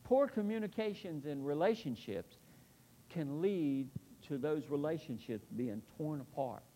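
A middle-aged man preaching a sermon in an earnest, emphatic way, slowing down to stress key points. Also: a little high, lively intonation, dark tone, a little hiss or hum. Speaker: pastor.

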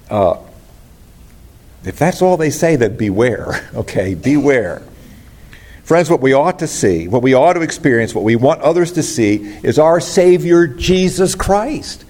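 A man's voice: fairly high pitch, darkish tone. Earnest middle-aged male pastor preaching. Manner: earnest preaching with rhetorical questions. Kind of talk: sermon.

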